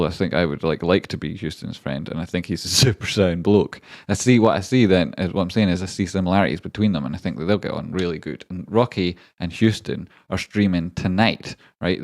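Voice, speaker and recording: A man's voice: low-pitched, normal speed, hardly any pauses, dry recording. A man hosting a live stream, rambling and joking casually with viewers and swearing now and then. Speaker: livestream trading host.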